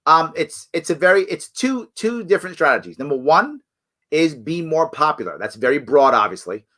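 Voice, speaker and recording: Man, live stream host, casual chat, bright forceful voice, restarts, lively pitch jumps. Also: moderate pace. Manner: animated, acts out quoted voices with big jumps in pitch; frequent restarts and self-corrections.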